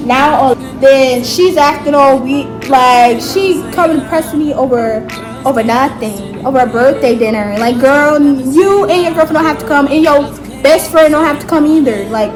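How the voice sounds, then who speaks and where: A woman in her late teens telling a storytime vlog in an animated, emphatic way, full of slang and asides. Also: high voice, moderate pace, music in the background, poor audio. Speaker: vlogger. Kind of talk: storytime narration.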